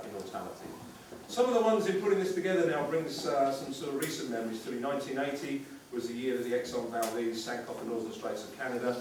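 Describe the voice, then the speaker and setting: Man speaking at a dinner, very echoey. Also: fairly low pitch. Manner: joke-telling, then reflective with quoted verse. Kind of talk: after-dinner speech. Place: dinner hall at a live event. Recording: very echoey hall, distant, noisy.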